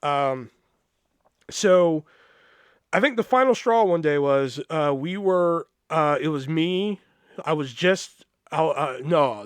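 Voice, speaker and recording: A man's voice: medium pitch, clear, resonant tone, no room sound. A man hosting a podcast, telling work stories in a casual, profane way and acting out the people he quotes. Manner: profane, animated, acts out quoted voices. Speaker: podcast host. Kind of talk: casual storytelling.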